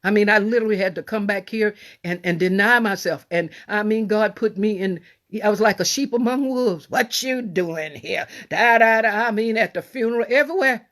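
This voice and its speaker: A middle-aged woman delivers a sermon in a folksy, conversational way. She is animated, swinging between loud bursts and near-quiet asides. She often repeats and restarts her phrases as she preaches. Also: mid-range voice, a little fast, hardly any pauses.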